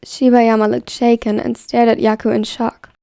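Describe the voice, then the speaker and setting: A woman reading a story aloud in a steady, even scripted narration. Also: fairly high pitch, moderate pace, vocal fry, dry recording, studio quality. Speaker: fan fiction reader.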